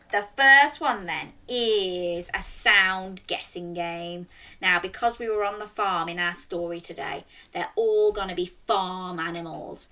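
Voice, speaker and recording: A young woman reading a children's story aloud and running games, speaking directly to young children in an animated way. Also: medium pitch.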